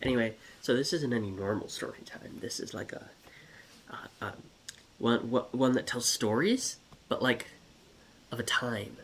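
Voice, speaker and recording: A man's voice: medium pitch, moderate pace, fairly bright tone, a little hiss or hum. A man telling a rambling, comedic story in a scatterbrained way, with giggles and many restarts.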